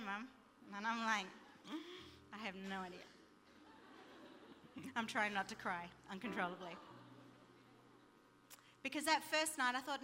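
A middle-aged woman telling a personal story in a sermon, lively and full of quoted dialogue. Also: fairly high pitch, in a large hall, a little hiss or hum. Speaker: speaker sharing testimony. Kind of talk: sermon-style personal testimony.

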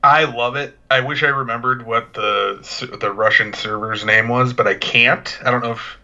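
A man's voice: mid-range voice, steady tone, moderate pace, sharp tone, dull audio. A man co-hosting a podcast, chatting in a laid-back, rambling, joking way. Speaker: podcast co-host. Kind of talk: casual chat.

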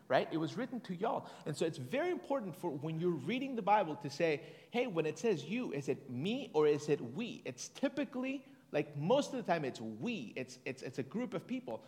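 A man's voice: high-pitched, sing-song, a little fast, hardly any pauses, darkish tone. A man preaching a conversational sermon to a congregation, chatty and casual, reading scripture aloud and leading them in responses. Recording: long reverb of a large hall.

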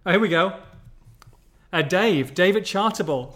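Excitable man hosting a podcast. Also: a little high, brisk. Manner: excitable, jokey, rambling with restarts. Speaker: podcast host. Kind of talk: casual live-streamed podcast chat.

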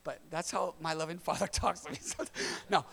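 A man's voice: a little high, steady tone, normal speed, vocal fry, fairly bright tone. A man, a pastor, preaching a sermon to his congregation, building emphasis and calling out to the room. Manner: preaching with rising emphasis and call-outs to the congregation. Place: church service.

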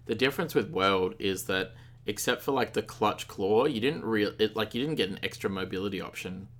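A man with an Australian accent co-hosting a podcast, talking games in a relaxed, rambling way while eating dinner. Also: lowish voice, fairly quick. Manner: relaxed, rambling, many fillers. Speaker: podcast co-host. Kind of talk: casual gaming chat.

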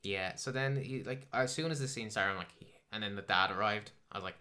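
Bright-voiced man ranting. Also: fairly low pitch, a little fast. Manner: swears a lot, ranting and exasperated. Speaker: podcast co-host. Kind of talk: casual film review chat.

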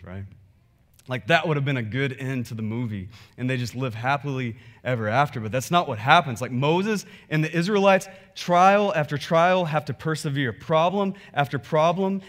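A man preaching a sermon, conversational and animated, reading scripture and acting out churchgoers. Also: medium pitch. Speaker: pastor.

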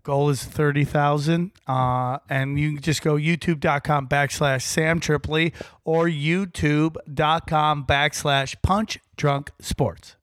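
A man's voice: fairly high pitch, steady tone, slow pace, a bit bright, no room sound, studio quality. A man, a comedian guest, telling a brash, boastful story in a podcast chat while saxophone plays underneath. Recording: saxophone music playing behind.

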